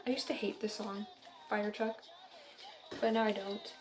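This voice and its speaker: A woman's voice: mid-range voice, flat delivery, a little slow, background noise. A young woman from central Illinois giving a casual, upbeat tarot reading, chatty and giggly. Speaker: tarot reader.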